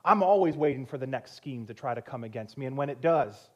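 A man's voice: mid-range voice, lively intonation, a little fast, a little mellow, muffled recording. A male pastor, probably in his thirties, preaching a sermon and telling a personal story with frequent laughter and self-mocking humor.

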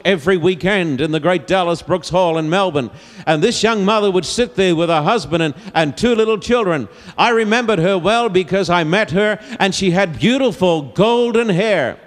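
Male evangelist with a high voice, emphatic sermon delivery, long hall echo. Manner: slow, emphatic, repeats key phrases. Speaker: evangelist preacher. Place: large auditorium. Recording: long reverb of a big hall.

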